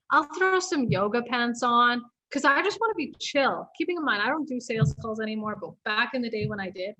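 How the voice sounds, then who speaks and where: Laid-back woman, higher voice. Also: poor audio. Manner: relaxed, laid-back, filler "like". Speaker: guest. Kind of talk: casual interview chat.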